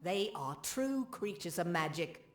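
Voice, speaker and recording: An actress playing a middle-aged village weaponsmith in a fantasy game, speaking with a British accent in a stern, matter-of-fact way. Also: female voice, lowish voice, expressive, a little slow, faint music behind. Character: weaponsmith village woman, former would-be soldier. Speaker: game character. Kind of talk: game dialogue.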